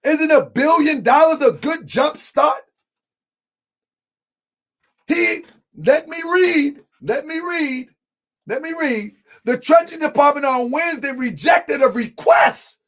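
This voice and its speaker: A man in a heated live debate, speaking emphatically, often shouting, repeating lines for effect and calling the audience family. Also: extremely high pitch, expressive, slow.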